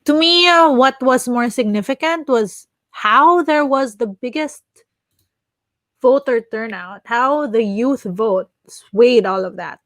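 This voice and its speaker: A woman from the Philippines co-hosting a podcast, talking politics in an opinionated, animated way. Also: on the high side, takes it slowly, no echo. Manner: opinionated, animated, restarts mid-thought. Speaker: podcast co-host. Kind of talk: casual chat.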